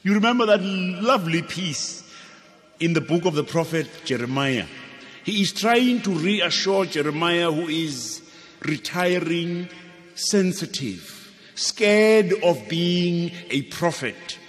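A South African man preaches with a playful storyteller's touch, his voice sitting a little high and leaping upward for emphasis. He takes his time over every phrase. His words ring out with a long hall reverb, with faint music underneath. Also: expressive, slow. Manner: playful, swooping storytelling with sudden high exclamations. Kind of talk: sermon.

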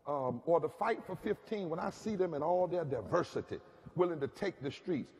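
A man's voice: on the high side, lively intonation, moderate pace, darkish tone. A man with a Southern US accent, speaking as a pastor on a panel, telling stories in a rhythmic preacherly way that builds to emphatic peaks. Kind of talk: preacherly storytelling. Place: large chapel hall. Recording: long hall reverb.

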